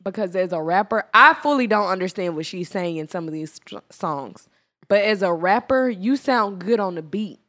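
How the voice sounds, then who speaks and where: A woman's voice: medium pitch, expressive, moderate pace, a bit bright. A woman co-hosting a podcast in casual, joking chat, often breaking into laughs. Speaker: podcast co-host.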